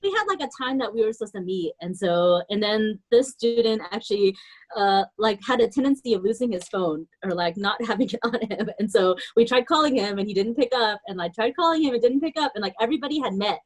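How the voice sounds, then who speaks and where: A woman's voice: mid-range voice, expressive, fast, poor audio. A young adult woman, a youth pastor, telling a story in a casual round-table chat, full of fillers and laughs. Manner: chatty, lots of fillers, laughs while telling.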